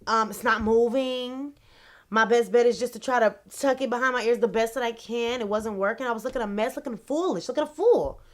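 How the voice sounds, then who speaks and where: A young adult woman, telling a casual, animated, slangy storytime on her vlog. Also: on the high side, a little fast. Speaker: vlogger.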